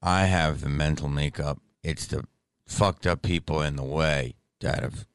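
A tired man hosts his podcast straight out of bed, his voice extremely low and gravelly with fry. He talks candidly and rambles, restarting sentences as he goes. The sound is smooth and resonant, recorded close in a dry room. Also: steady tone, a little slow, dry recording. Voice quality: deep morning voice. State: tired, just woke up. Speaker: podcast host. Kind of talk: casual podcast monologue. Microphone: studio microphone.

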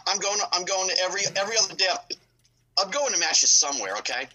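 A middle-aged man telling stories as a podcast guest, animated and acting out other people's lines in his own telling. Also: high voice, quick pace, poor audio. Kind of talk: casual storytelling.

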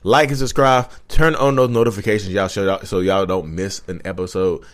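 A man hosting a casual advice vlog, talking straight to viewers, animated and repetitive. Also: sits low, fairly quick. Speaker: channel host.

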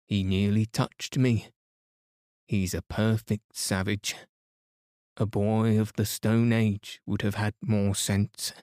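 A grumpy, whiskered sand-fairy from a storybook grumbles and scolds in a lowish, slow voice, as a man reads it aloud. The sound is close and dry. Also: dark tone, no echo. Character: cross, sulky whiskered sand-fairy creature.

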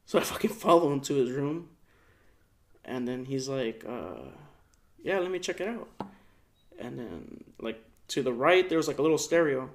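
A man's voice: medium pitch, normal speed, pauses often. A young man casually telling a story on a podcast, slangy and profane, acting out the people in it. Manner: slangy, profane, animated retelling with voiced quotes. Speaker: podcast co-host.

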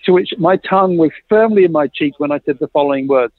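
A man's voice: high-pitched, fast, no echo. A man telling a long story in a chat, acting out the dialogue he quotes. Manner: lively, acts out quoted dialogue, laughs often. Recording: tinny phone-like line, dry.

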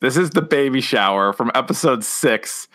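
A man's voice: mid-range voice, lively intonation, normal speed, pushed and bright. A man co-hosting a casual podcast, animatedly retelling comedy sketches with frequent laughter. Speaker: podcast co-host. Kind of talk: casual chat.

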